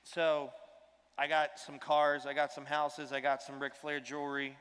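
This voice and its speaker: A man's voice: on the high side, level tone, measured pace, fairly bright tone, a little hiss or hum. Emphatic man speaking on a big stage. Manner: emphatic, swearing, emotional. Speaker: keynote speaker. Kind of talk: motivational stage talk. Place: large hall on stage. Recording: long hall reverb, music behind.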